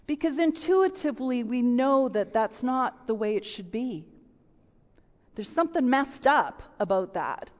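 High-voiced middle-aged woman preaching. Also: a little slow. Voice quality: animated, acts out voices and sound effects. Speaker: women's speaker. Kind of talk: storytelling sermon. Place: large room with audience. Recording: dull, with long hall reverb.

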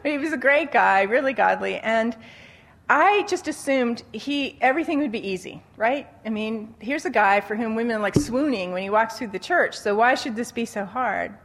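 A woman giving a conversational Christian teaching talk on dating, telling stories with animated quoted voices and frequent laughter. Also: fairly high pitch, moderate pace. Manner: animated storytelling, acting out quotes, laughs often.

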